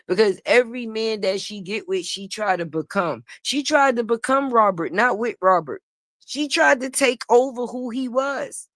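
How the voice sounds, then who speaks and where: A woman's voice: fairly high pitch, fairly bright tone, no room sound. A woman giving casual gossip commentary on a livestream, blunt, sassy and profane, laughing often. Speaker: online commentator.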